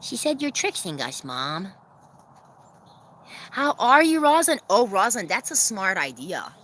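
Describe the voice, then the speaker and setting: A woman hosts a casual backyard livestream among her hens. She thanks viewers one by one and laughs often. Her voice is bright and swings widely in pitch, with a faint outdoor hum behind her. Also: sing-song, a little slow. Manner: chatty, gives viewers shout-outs, laughs often; calls to her hens in a very high sing-song voice. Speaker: vlogger hosting a livestream premiere. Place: outdoors in a backyard by the chicken coop.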